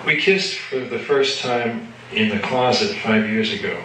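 A man reading his own fiction aloud at a live event, in a measured, matter-of-fact way. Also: medium pitch, sharp tone, recorded from a distance, slight background noise. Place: live reading at an evening gathering. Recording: echoey room from afar.

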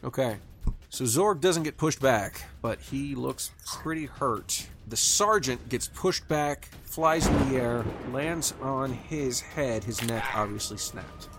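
A man narrating as game master of a tabletop game, casual and halting, with fillers. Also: medium pitch, music in the background.

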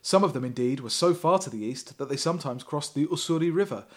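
A man reads a thriller aloud for a podcast, in a dry, sardonic way. He laughs often and stops to poke fun at the prose. His voice sits a little higher than most men's. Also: expressive, fast talker. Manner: sardonic, often laughing and breaking off to mock the text. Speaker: podcast host. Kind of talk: comic reading of a thriller novel.

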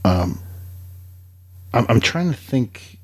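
A man's voice: mid-range voice, big pitch swings, takes it slowly, husky. A man co-hosting a podcast, chatting casually and rambling with frequent restarts. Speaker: podcast co-host. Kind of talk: casual chat.

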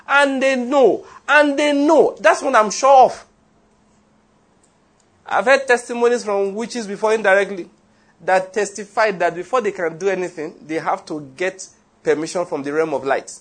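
A man's voice: fairly high pitch, husky. A man preaching, leading his congregation in emphatic, repeated call-and-response declarations. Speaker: pastor. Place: church with congregation. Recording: congregation audible behind.

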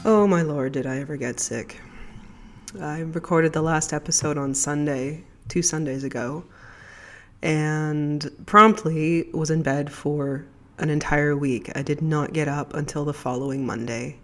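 A podcast host speaks with a stuffed-up, congested voice from a cold. The talk rambles along in a chatty, casual solo monologue, and the pitch sits in an ordinary middle range. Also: a little slow.

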